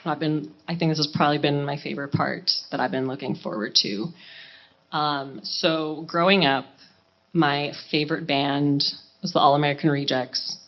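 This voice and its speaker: A woman's voice: low voice, moderate pace. A woman in her thirties, a singer talking to a live audience between songs, gushing and laughing at herself in chatty banter. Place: live charity event stage. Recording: dull, muffled live recording.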